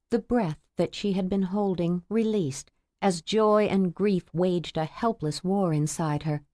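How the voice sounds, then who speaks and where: A woman narrating a romance novel audiobook in a measured, intimate storytelling manner. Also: fairly low pitch, warm tone, dry recording, studio quality.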